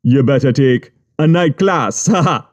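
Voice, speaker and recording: A man voicing a smooth-talking Jamaican gang boss, boastful and teasing in thick patois. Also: mid-range voice, sing-song, takes it slowly, dark tone, pitched above the performer's own voice.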